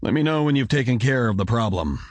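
A man's voice: medium pitch, lively intonation, fast talker, dry recording, lightly acted. A man voicing a stern, demanding ruler who speaks curtly and coldly. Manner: curt, commanding.

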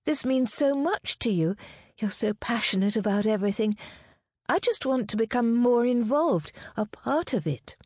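Woman doing a sweet, high young fiancée. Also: expressive, normal speed, no echo, studio quality. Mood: sweet, eager. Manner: soft and murmuring, squeaky when indignant.

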